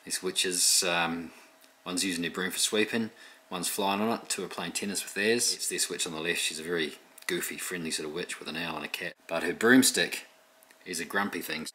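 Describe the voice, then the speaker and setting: Deep-voiced man explaining his drawings. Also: normal speed. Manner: relaxed, chatty, explanatory. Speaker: illustrator presenting his work. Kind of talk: casual tutorial talk.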